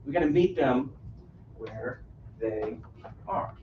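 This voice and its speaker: A man's voice: mid-range voice, lively intonation, takes it slowly, slight background noise. Man teaching a roomy workshop, often asking "right?". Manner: engaging, asks the audience questions, frequent "right?". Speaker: caregiving workshop presenter. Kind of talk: live interactive workshop talk. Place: room on a cruise ship, live audience. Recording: roomy, distant, dull audio.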